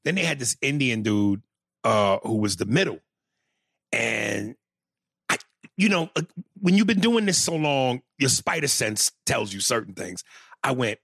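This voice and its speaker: A male stand-up comedian telling a story in a casual, profane, animated way, with many restarts. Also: mid-range voice, unhurried, vocal fry, pauses often, dry recording, studio quality.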